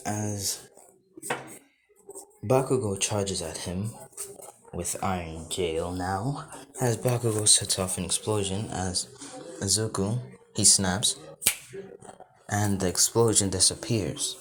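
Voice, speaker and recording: A man's voice: deep voice, slow pace, pauses often, noisy background. A man improvising a fan fiction story, rambling in run-on sentences strung together with "as".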